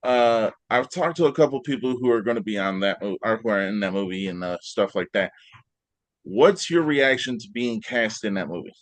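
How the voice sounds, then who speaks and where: A man hosting an interview, asking questions in a relaxed, casual way and starting with "uh". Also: lowish voice, normal speed, no echo. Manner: relaxed, laughs along, filler "uh" before questions. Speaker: interview host.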